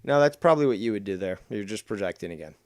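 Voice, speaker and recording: A man hosts a stream and tears into a rival's clip with sneering, profane put-downs. His voice is smooth and clear, recorded close and dry with no room sound. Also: on the low side, expressive, racing, no echo. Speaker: stream host reviewing clips. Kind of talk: mocking commentary over a clip.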